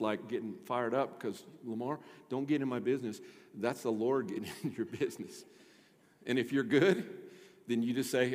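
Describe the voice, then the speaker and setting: A male pastor preaching a sermon to his congregation, swinging from loud emphatic bursts to soft, hushed asides. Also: medium pitch, big-room sound. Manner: impassioned, rising to loud emphatic bursts then dropping soft. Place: church sanctuary.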